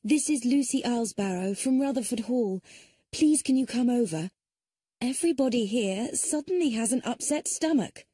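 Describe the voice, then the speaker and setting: A woman voicing a capable young housekeeper, speaking higher and earnest. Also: lively intonation, moderate pace, dark tone, husky, no room sound, clean studio sound.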